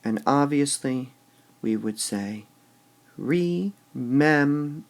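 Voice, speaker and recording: A man's voice: mid-range voice, expressive, slow pace, vocal fry. A man teaching a recorded lesson on poetic meter. He goes step by step, says "all right" often between steps, and repeats words with shifting stress to show the beat.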